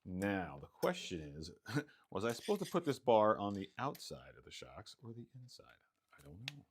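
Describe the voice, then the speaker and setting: A man's voice: lowish voice, huge pitch swings, normal speed, breathy edge. A man chatting casually and mumbling to himself while he builds RC cars, rambling and playful. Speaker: hobbyist streamer building RC cars. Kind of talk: casual talk while working.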